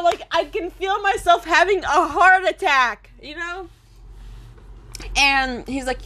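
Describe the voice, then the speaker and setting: A woman's voice: high voice, animated, moderate pace, fairly bright tone. A young woman vlogging in a casual monologue, sarcastic and profane, rambling with lots of fillers.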